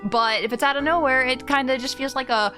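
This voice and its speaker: A woman streamer talks casually to her chat, chatty and openly emotional. Her voice sits a little high and sounds crisp and sharp. Soft game music plays faintly behind her. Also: brisk.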